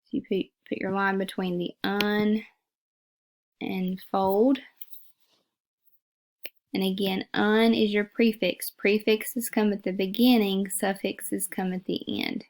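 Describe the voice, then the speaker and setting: A woman's voice: medium pitch, little pitch movement, slow pace, long pauses. A woman teacher giving a phonics lesson, patiently repeating words and sounding them out syllable by syllable.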